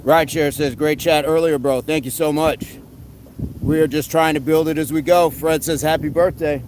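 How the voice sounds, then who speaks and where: A man hosting a casual live stream, reading comments aloud and giving quick fitness tips in a relaxed way. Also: a little high, a little hiss or hum, poor audio. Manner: relaxed, answers chat questions with quick tips.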